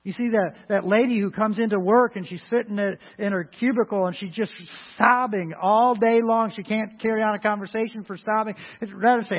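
A pastor preaching a sermon, talking emphatically with frequent restarts and sudden loud rises. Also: male voice, sits high, steady tone, fairly quick, few pauses. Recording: phone-like lo-fi line.

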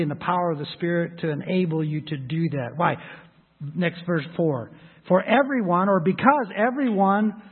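A male pastor delivers a sermon in a conversational, emphatic way, slipping into quick acted asides. His voice sits high and a little husky. The sound is thin and phone-like, with a long reverb from a large hall.

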